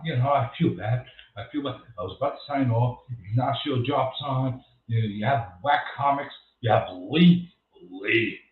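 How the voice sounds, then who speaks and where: A man hosting an unscripted livestream, rambling and ranting and repeating himself as he goes. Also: mid-range voice. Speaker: livestream host. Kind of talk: unscripted live-stream monologue. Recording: tinny echoey phone-like sound.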